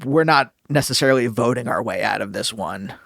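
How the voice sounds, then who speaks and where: A man hosting a podcast speaks in a mid-range voice, pausing and restarting as he hunts for the right word. He sounds short on sleep, and the recording is dry and close. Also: mid-range voice, gravelly, fairly bright tone, no echo. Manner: halting, searching for words. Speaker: podcast host. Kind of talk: casual interview chat.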